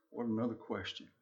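A man preaching a sermon, reading scripture aloud and slowing down on key phrases. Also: medium pitch, vocal fry, breathy edge, muffled recording. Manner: reads scripture aloud, slows down for emphasis.

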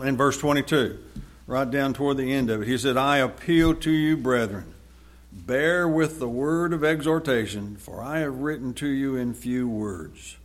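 A man preaching a sermon, reading scripture aloud with rising force and then explaining it conversationally. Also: mid-range voice.

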